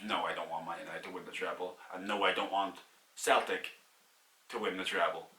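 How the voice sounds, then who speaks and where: A man's voice: deep voice, little pitch movement, fairly quick, bright, forceful tone, reverberant, far from the mic. A young Irish man casually answering viewer questions in a vlog, candid and chatty, laughing at himself.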